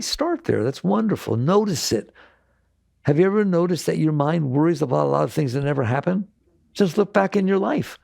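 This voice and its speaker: A man's voice: on the high side, creaky, dark tone, dry recording, clean studio sound. A man giving a spiritual talk to an audience, emphatic and repetitive, asking rhetorical questions. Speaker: spiritual teacher.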